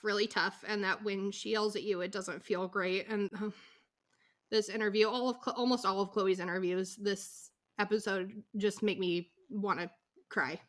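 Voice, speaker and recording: A woman's voice: medium pitch, a bit bright. A middle-aged woman co-hosting a casual podcast, telling the story animatedly with acted-out quotes. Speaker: podcast co-host.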